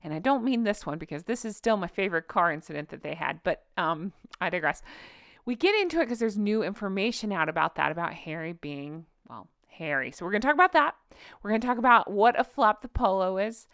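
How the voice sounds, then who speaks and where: A woman's voice: medium pitch, expressive, a little fast, a bit bright, dry recording, studio quality. A woman hosting her own channel, chatting sarcastically and laughing often as she shows viewers her joke pictures. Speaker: host. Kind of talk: casual commentary vlog.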